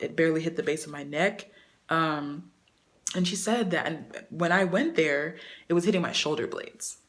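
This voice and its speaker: Young female vlogger, slightly low voice, chatty and loose, lively when retelling stories. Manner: chatty, animated when quoting, many fillers. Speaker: hair care vlogger. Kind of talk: casual vlog talk to camera.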